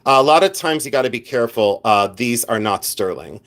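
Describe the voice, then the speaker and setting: A man's voice: medium pitch, expressive, fairly quick, fairly bright tone. Chatty, self-mocking male reseller host, mid-range voice, loose livestream banter with the chat. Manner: chatty and rambling, talks to the viewers' chat by name; self-mocking with bursts of playful laughter. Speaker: vintage jewelry reseller hosting a live sale. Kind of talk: casual livestream selling chat.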